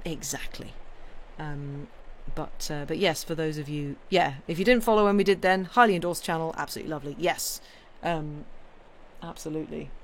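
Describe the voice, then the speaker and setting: A British streamer with a mid-range voice chats casually on a live stream, rambling from one thought to the next. The talk is loose and friendly, full of ums and restarts, and a slight hiss or hum sits under the audio.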